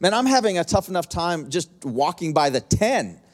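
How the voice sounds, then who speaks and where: A middle-aged man preaching a sermon as pastor, in a conversational, repetitive style that slows down to stretch key lines. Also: on the high side, very animated.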